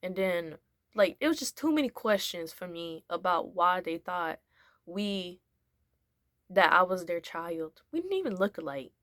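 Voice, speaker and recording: A young woman with a fairly low voice tells a story in a relaxed, rambling way, full of fillers. She acts out what other people said. The sound is dry and close. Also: measured pace, no room sound. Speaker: vlogger. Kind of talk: casual storytelling.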